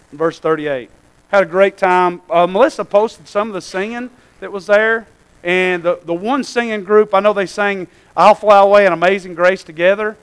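A middle-aged pastor with a high-pitched voice, talking through his church news in a loose, folksy way. He keeps checking in with the congregation as he goes, then moves into his sermon with the same rambling warmth. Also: clean tone, low-quality recording.

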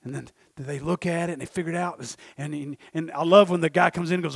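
Middle-aged preacher guy, high raspy voice, rambly, goes from whispering to hollering, dry sound. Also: steady tone, fast talker, hardly any pauses, no echo. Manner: rambling, self-interrupting, swings from hushed asides to shouting. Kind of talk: sermon.

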